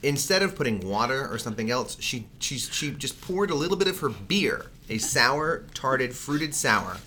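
A man's voice: medium pitch, very animated, normal speed, sharp tone, a little hiss or hum. A man co-hosting a podcast in casual chat, rambling with lots of fillers and casual swearing, on a studio mic. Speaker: podcast co-host.

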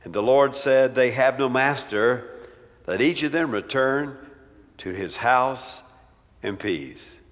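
A preacher voicing a stubborn, honest prophet. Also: male voice, mid-range voice, slow pace, long reverb tail, close to an everyday voice. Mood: solemn.

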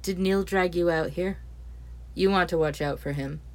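A woman's voice: lowish voice, moderate pace, darkish tone, lightly acted. A woman voicing a reserved young man who speaks in a cool, businesslike, curt way. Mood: dry.

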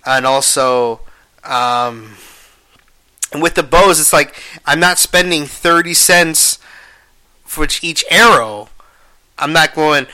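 A young man rambles through a casual podcast monologue in a fairly high, bright voice. He swears freely and keeps switching between quiet mumbling and loud, exasperated bursts. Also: takes it slowly, pauses often, smooth. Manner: profane, animated, swings between mumbling and exclaiming. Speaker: podcast host.

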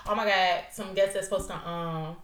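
A woman's voice: mid-range voice, steady tone, fairly bright tone, slight background noise. Rambling, profane young woman podcaster. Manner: loose, profane, rambling, quick to laugh. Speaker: podcast host. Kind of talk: casual solo podcast chat. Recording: roomy echo.

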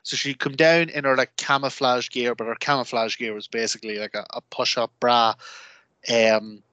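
A man co-hosting a podcast, telling rambling, animated stories in casual chat with lots of fillers. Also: mid-range voice, normal speed, clean tone, dry recording, muffled recording. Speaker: podcast co-host.

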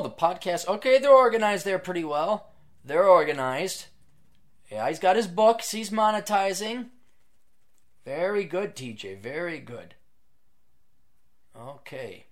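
A male podcast host talks off the cuff, sarcastic and wandering, tossing out plugs between asides. His voice sits a little higher than most men's, and he jumps from loud bursts to low mutters. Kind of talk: casual monologue reading out plugs.

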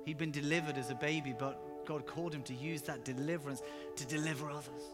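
A man preaching a sermon with personal stories, emphatic and animated, sometimes rising to loud exclamations. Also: a little high, quick pace. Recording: reverberant hall with music underneath.

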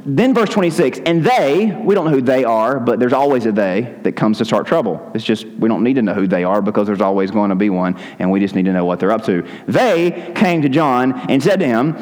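A man's voice: lowish voice, fast, few pauses, darkish tone. A man preaching a sermon as pastor, conversational and with joking asides. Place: church sanctuary. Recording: long hall reverb.

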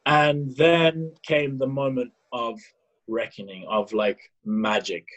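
A man from South Africa in his thirties, telling a personal story as a podcast guest, animated and full of fillers. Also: mid-range voice, takes it slowly, dull audio. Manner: animated, acts out his own past dialogue, many fillers and restarts. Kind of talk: casual storytelling.

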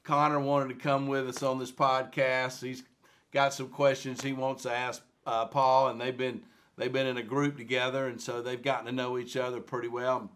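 A man's voice: medium pitch, little pitch movement, normal speed, a bit bright. A man hosting a podcast, introducing his guest in a loose, rambling way. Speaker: podcast host.

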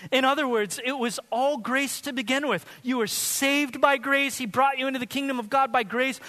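A man's voice: very high voice, pushed and bright. A male pastor giving a sermon in a conversational, joking way, laughing often. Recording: reverberant hall.

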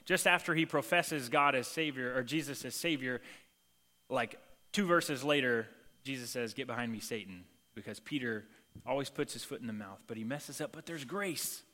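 Casual preacher in an echoing hall. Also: male voice, mid-range voice, normal speed. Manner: casual and animated, acts out quoted lines. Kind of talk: sermon. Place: church sanctuary. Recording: long reverb of a large hall.

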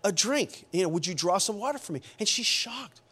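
A man preaching a sermon as a pastor, animated and acting out the people in the story. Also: high-pitched, brisk, slightly rough. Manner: animated, acts out quoted voices.

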